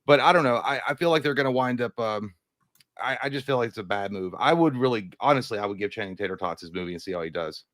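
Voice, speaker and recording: A man co-hosting a casual movie news show, animated and rambling, swearing freely. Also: on the low side, fast, dry recording. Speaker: podcast co-host.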